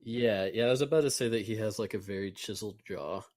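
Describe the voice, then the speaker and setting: A man runs a tabletop game in a relaxed, casual way and laughs easily. His voice sits fairly low and sounds dry, recorded close with no room echo. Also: fast talker. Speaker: game master.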